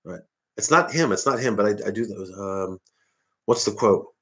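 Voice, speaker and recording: A man's voice: lowish voice, expressive, normal speed, a bit bright. A man from the American Midwest, rambling and digressing through a casual live-stream monologue. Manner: rambling, digressive, self-interrupting. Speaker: comedian hosting a live stream.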